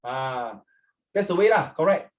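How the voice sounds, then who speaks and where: Singaporean male teacher, joking and chatty, slightly high voice, video-call class. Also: animated, unhurried. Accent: Singaporean English. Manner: chatty, joking, mixes in Mandarin. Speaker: English teacher.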